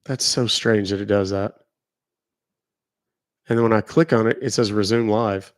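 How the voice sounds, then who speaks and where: A man's voice: lowish voice, steady tone, normal speed, no echo. A middle-aged man, chatting casually on a phone livestream, rambling as he answers viewer comments. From Texas. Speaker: livestream host.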